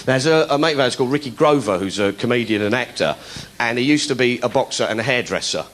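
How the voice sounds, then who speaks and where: A man doing stand-up storytelling, animated and laughing, slipping into high voices to mimic people. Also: fast, very noisy. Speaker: stand-up comedian.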